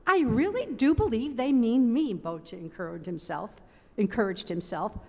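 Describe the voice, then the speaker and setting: Woman storyteller in a reverberant sanctuary. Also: medium pitch. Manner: measured, expressive, emphatic repetition. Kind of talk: dramatic reading of a story. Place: large synagogue sanctuary. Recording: long reverb of a large sanctuary.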